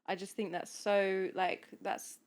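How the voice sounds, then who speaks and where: A woman speaking as a podcast guest, a coach talking in a soft, flowing, earnest way with many fillers. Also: medium pitch, level tone, takes it slowly. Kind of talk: casual podcast conversation.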